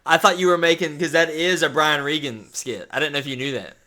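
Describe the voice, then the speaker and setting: A man co-hosting a casual podcast chat, low-key and hesitant, often trailing off mid-sentence. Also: fairly quick, sharp tone. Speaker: podcast co-host.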